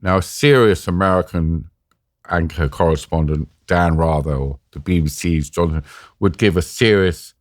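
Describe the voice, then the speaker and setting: A man's voice: deep voice, moderate pace, no echo, studio quality. A middle-aged British man telling war stories in an interview, self-mocking and acting out the voices he quotes. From Britain. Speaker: war journalist guest. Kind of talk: animated storytelling in an interview. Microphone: podcast mic.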